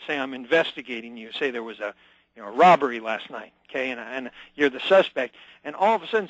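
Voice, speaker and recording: A man's voice: medium pitch, animated, quick pace, a bit bright, no echo, poor audio. A man as a radio show guest, talking with energy and emphasis, acting out short scenes as he explains. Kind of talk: phone-in radio interview.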